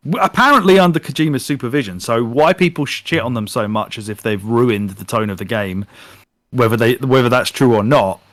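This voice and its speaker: A man co-hosting a podcast in casual chat, animated and swearing freely while retelling things. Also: mid-range voice, a little fast, no echo, studio quality. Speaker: podcast co-host. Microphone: podcast microphone.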